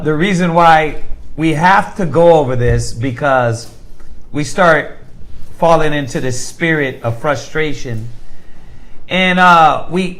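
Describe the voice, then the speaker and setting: The audio is poor, carrying a fairly high-pitched, slightly bright male voice. He runs a casual Bible class conversationally, often tossing the group a rhetorical "right?", speaking in informal slang and repeating words whenever he restarts.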